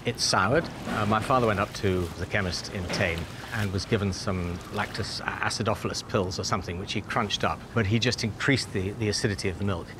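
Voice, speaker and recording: A cheesemaker answering interview questions, explaining thoughtfully with small hesitations. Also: male voice, lowish voice, brisk, hardly any pauses. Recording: noisy background ambience.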